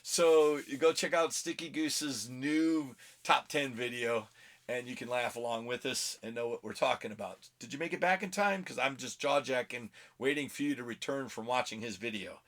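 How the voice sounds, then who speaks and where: A middle-aged man talks straight into his phone camera in a loose, rambling vlog style. He drifts off topic, trips over his own words and chuckles at himself before pulling back on track. His pitch sits in an ordinary middle register. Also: moderate pace, fairly bright tone. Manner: rambling, easily sidetracked, laughs at himself. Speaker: comic book vlog host. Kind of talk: casual rambling vlog talk.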